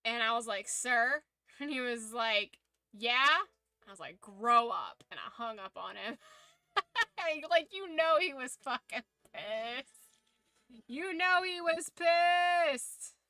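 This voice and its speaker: A young woman streamer tells a story in casual, profane chat, with a lively delivery. Her voice is very bright and crisp and a little high. The sound is dry and close, with no room echo. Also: takes it slowly.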